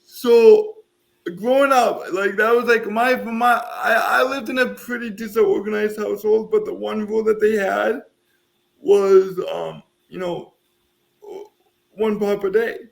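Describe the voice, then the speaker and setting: A man in his thirties from the American Midwest talks with a notably high, gravelly voice. He chats loosely on a podcast, wandering through his stories and joking at his own expense. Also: steady tone, measured pace. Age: 30s. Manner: chatty, rambling, self-mocking. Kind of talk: casual podcast chat.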